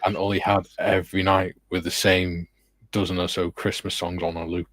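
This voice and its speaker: A man's voice: sits low, flat delivery, normal speed, fairly bright tone, dry recording. A middle-aged man co-hosting a casual livestream, reading viewer comments and telling chatty anecdotes with a laugh. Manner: chatty storyteller, laughs at his own anecdotes. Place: home hobby room.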